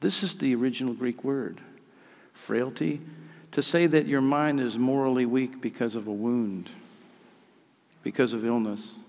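A man's voice: mid-range voice, unhurried, long pauses. A man preaching a sermon, reading scripture dramatically and then explaining it. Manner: dramatic reading, rising to loud cries on key lines. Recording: long hall reverb.

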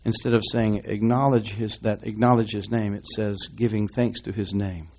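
A man's voice: fairly low pitch, little pitch movement, moderate pace, creaky, darkish tone, a little hiss or hum. A man preaching a sermon in a church, rambling and folksy with asides and restarts, reading scripture aloud to his congregation. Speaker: pastor.

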